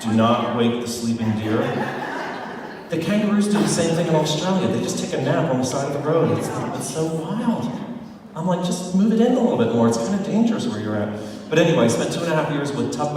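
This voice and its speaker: A man leading a motivational sales training for a live audience, chatty and animated, joking with the crowd. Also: medium pitch, fast, background noise. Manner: chatty, animated storyteller who jokes with the crowd. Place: large hall with live audience. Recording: echoey hall, far from mic.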